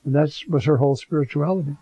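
A man's voice: on the high side, quick pace, slightly rough, dry recording. A man preaching a conversational homily, animatedly acting out the scene he tells. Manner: animated, acts out the Gospel scene in voices. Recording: dull, lo-fi recording.

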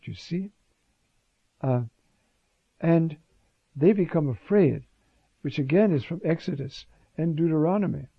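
Man going through bible passages real slow, gravelly husky voice, lots of uh and you see. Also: on the high side, no echo, lo-fi sound. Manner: conversational, frequent "uh" and "you see". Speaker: Bible teacher. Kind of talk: scripture lecture.

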